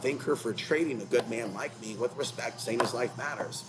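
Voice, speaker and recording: The recording quality is low as a man, host of his own channel, rants at a moderate pace in a medium-pitched voice, apparently while in a car. His rambling commentary is agitated, repetitive and combative.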